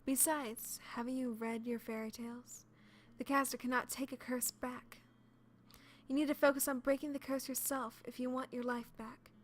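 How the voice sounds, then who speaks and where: A woman voicing a snide female witch who taunts slowly and sneers in a game playthrough. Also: high-pitched, little pitch movement.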